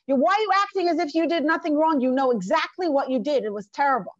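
A woman voicing a distraught wife who lashes out at her husband with rapid accusing questions. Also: high-pitched, no echo, lo-fi sound, close to an everyday voice.

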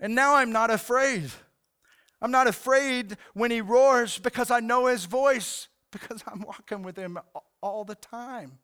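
A man's voice: extremely high pitch, a little slow, bright, forceful tone, clear, resonant tone. A middle-aged male pastor preaching a sermon in a casual, fired-up way, often saying "man" and "like".

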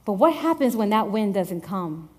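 A woman preaching a sermon in a lively, conversational way, repeating phrases for emphasis. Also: mid-range voice, moderate pace.

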